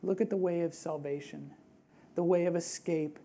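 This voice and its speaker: A woman preaching a sermon in a lively, conversational way, asking rhetorical questions and dropping to a hushed, earnest voice for emphasis. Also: lowish voice, normal speed.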